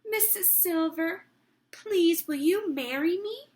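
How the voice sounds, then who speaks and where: A woman doing a nervous, shy old gentleman. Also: very high voice, takes it slowly, pitched above the performer's own voice. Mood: earnest. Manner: nervous, hushed and fluttery. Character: shy, nervous older man, eager suitor.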